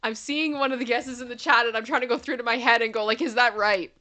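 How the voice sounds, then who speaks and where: A woman's voice: a little high, steady tone, fast talker, bright, forceful tone. A woman hosting a casual livestream, chatty and talking through a lingering cold. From Canada. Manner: chatty, reads song-lyric riddles aloud to chat. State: congested with a cold. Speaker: livestream host.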